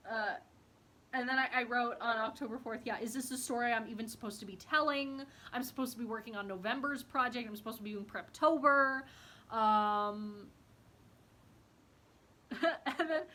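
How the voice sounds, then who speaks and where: A woman's voice: a little high, sharp tone. A young woman vlogging casually to the camera about her reading and writing, rambling and self-deprecating, with lots of fillers.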